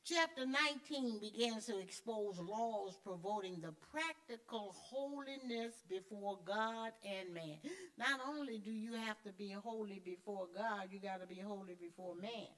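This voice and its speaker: A woman's voice: mid-range voice, a little slow, fairly bright tone. Emphatic woman teaching Sunday school. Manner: emphatic, repeats key words; conversational with call-and-response fillers. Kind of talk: church teaching.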